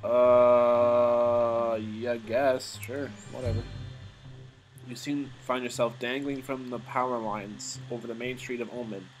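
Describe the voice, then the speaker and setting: A man's voice: mid-range voice, little pitch movement, takes it slowly, faint music behind, low-quality recording. A man playing a game, reading its text aloud with casual, joking commentary and the odd swear. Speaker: gamer.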